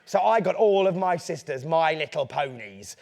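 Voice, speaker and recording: Animated man telling stories. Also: a little high, normal speed, vocal fry. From England. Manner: animated, playful, theatrical. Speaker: children's author. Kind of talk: storytelling to a young audience.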